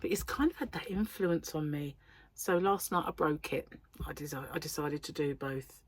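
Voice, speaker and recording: A woman's voice: low-pitched, normal speed, no room sound. An English woman chatting casually on her crochet vlog, rambling along with lots of ums, her throat still a little sore. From England. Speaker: crochet vlogger. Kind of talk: casual chat.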